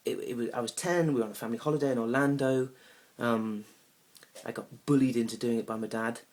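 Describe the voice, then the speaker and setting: A young man telling a comic story about a bad date, awkward and rambling, now and then bursting into loud indignant rants. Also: mid-range voice, steady tone, fairly quick, a little hiss or hum. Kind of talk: deadpan comic monologue.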